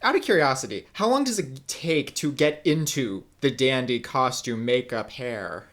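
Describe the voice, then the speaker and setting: A man asks questions in a casual interview, his voice in a middle pitch. He feels his way through each question, pausing and restarting. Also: lively intonation, fairly bright tone. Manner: hesitant, many fillers and restarts.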